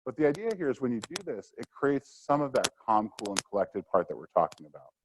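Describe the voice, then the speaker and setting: A man's voice: mid-range voice, very animated, fast talker, noisy background. A middle-aged man presenting a live workshop lecture in a conversational way, with fillers and asides.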